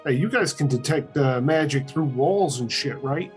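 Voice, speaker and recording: A man's voice: fairly high pitch, lively intonation, moderate pace, soft background music. A man playing a tabletop game, talking casually with boastful swearing. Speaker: player.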